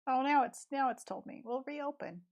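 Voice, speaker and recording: A woman's voice: sits high, normal speed, muffled recording. Chatty woman with an East Tennessee accent. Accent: rural East Tennessee. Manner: chatty, thinks aloud while sketching. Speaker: artist streaming live. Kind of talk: casual live-stream chat while drawing. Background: faint background music.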